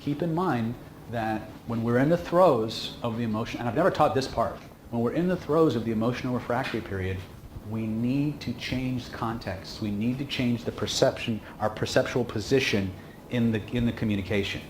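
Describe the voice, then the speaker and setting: A man's voice: medium pitch, moderate pace. Man, seminar lecture, casual and emphatic, echoey room, faint hum. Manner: casual, emphatic, with frequent "okay?" checks. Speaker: instructor.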